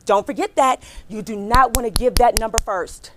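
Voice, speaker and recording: A middle-aged woman giving a lively workshop talk on careers to a live audience in a hall, emphatic and repeating her points, often checking in with "right?" and "okay?". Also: on the high side, moderate pace, background noise. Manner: acts out quotes with a bright smile in her voice.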